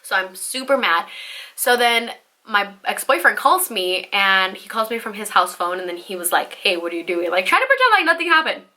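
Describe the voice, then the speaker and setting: A young woman telling a storytime vlog in a chatty, animated way, full of "like" and "you know", and swearing freely. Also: medium pitch, moderate pace. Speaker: vlogger.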